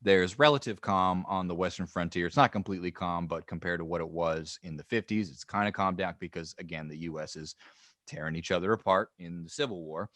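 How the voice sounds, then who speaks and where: A man's voice: low-pitched, fairly quick, fairly bright tone, no room sound. A man co-hosting a history podcast, telling the story in a loose, joking way with many restarts. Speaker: podcast co-host. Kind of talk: casual history podcast chat.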